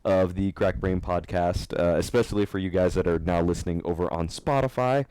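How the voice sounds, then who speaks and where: A man hosting a podcast, telling stories in a rambling, animated way and laughing often. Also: low-pitched, brisk, clear, resonant tone, no room sound. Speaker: podcast host. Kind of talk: casual podcast chat.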